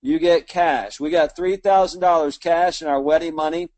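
This man's voice sits a little high with a darkish tone, at normal speed and with no echo. In his fifties and from Mobile, Alabama, he speaks with a Southern accent, telling motivational stories as a small business owner in a folksy, self-deprecating way.

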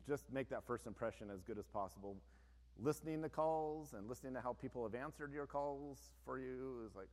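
A man who owns a business, giving an informal, plain-spoken presentation to an audience, with frequent conversational asides. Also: on the low side. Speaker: business owner giving a talk. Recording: long reverb of a large hall.

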